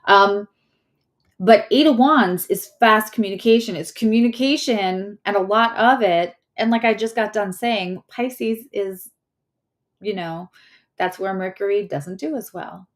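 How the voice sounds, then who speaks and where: A woman's voice: mid-range voice, measured pace. A woman giving a casual astrology and tarot reading, chatty and rambling, often correcting herself mid-sentence.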